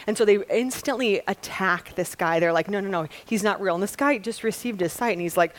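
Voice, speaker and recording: A middle-aged woman preaching a sermon, retelling a story with lively acted-out dialogue. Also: mid-range voice, fairly quick, hardly any pauses. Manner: lively storytelling, acting out voices in retold dialogue. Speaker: pastor.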